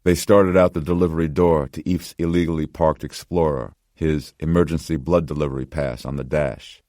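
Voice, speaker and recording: Male audiobook narrator, extremely low, steady, dry booth sound. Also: dry recording. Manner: measured, steady storytelling. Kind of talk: scripted narration.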